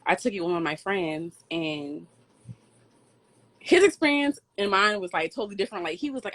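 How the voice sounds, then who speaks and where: A young woman chatting casually about a personal experience, relaxed and full of "like". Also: medium pitch, normal speed. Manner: relaxed, filler-heavy, says "like" a lot. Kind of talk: casual chat.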